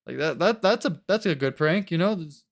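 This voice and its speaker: A man chatting casually in a reaction video, rambling and animated, often acting out other people's voices. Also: a little high, fairly quick, creaky. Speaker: co-host.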